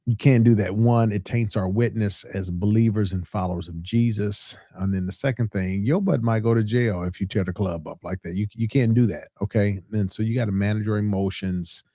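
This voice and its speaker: A man's voice: lowish voice, a little fast, hardly any pauses, dark tone, no room sound, clean studio sound. A middle-aged man, a pastor hosting a podcast, telling a story in a casual way and repeating points for emphasis. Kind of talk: casual preaching podcast talk.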